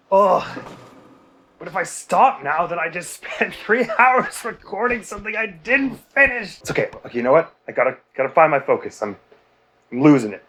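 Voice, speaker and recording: A man's voice: on the high side, fairly bright tone. A man hosting a video game let's play, giving casual, rambling commentary with self-mocking, exasperated grumbling.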